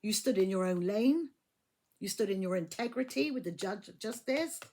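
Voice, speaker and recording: A woman's voice: mid-range voice, expressive, moderate pace, darkish tone. A woman giving a casual tarot reading, blunt and profane, often repeating her phrases. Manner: blunt, swears freely, repeats herself. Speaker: tarot reader.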